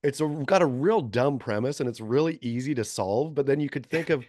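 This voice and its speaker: A man's voice: medium pitch, animated, a little fast, a little mellow, no room sound. A man in his forties co-hosting a podcast, chatting casually and rambling through opinionated asides with frequent self-corrections. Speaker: podcast co-host. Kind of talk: casual chat.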